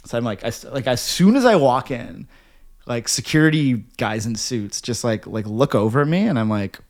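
A man's voice: medium pitch, moderate pace. A man co-hosting a podcast, telling a rambling story in casual chat, full of "like" and restarts. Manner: rambling, heavy filler "like", animated retelling. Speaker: podcast co-host.

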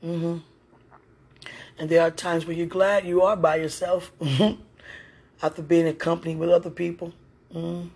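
Her voice is on the low side, a little mellow, with a breathy edge. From her home, this mother and podcast host chats intimately in a one-sided way to a listener, affectionate in tone, laughing often and frequently exclaiming to God.

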